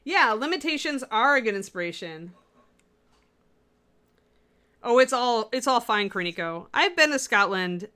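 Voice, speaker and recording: A woman's voice: on the high side, expressive, fairly quick, bright, forceful tone, smooth. A woman co-hosting a livestream on miniature painting, talking in a chatty, rambling way with many fillers and answering viewers' comments. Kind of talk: casual livestream chat reading viewer comments.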